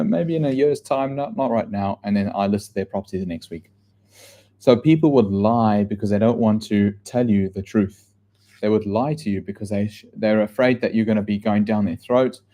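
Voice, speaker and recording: A middle-aged man coaching agents in a live training session, talking fast and bluntly, with casual swearing and plenty of restarts. His voice is low-pitched and warm, relaxed in tone. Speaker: real estate trainer. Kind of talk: live training session answering viewer questions.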